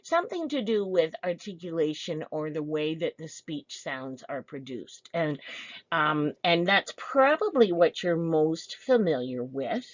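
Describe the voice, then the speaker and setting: A woman's voice: sits low, no room sound. A woman giving an online information session, explaining patiently with the odd filler. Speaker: program instructor. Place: online presentation. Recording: dull lo-fi audio.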